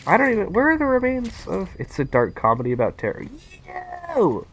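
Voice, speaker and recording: Excitable young man streaming a game. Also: high voice, fast, faint music behind. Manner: excitable, rambling, talks to chat. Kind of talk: casual live-stream chat while gaming.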